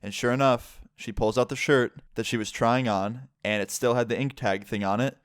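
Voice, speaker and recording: A man shares a personal story in a laid-back vlog, talking openly, cursing freely, peppering his speech with "like" and impersonating the others involved. He has a mid-range, clean voice at a moderate pace, recorded in a clean studio with no room sound.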